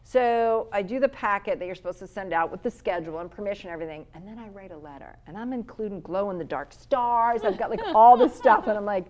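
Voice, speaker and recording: A woman's voice: mid-range voice, quick pace, hardly any pauses. A middle-aged woman, chatting casually and telling a story, acting out the quotes. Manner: storytelling, animated, acts out quotes. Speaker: podcast co-host. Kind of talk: casual chat.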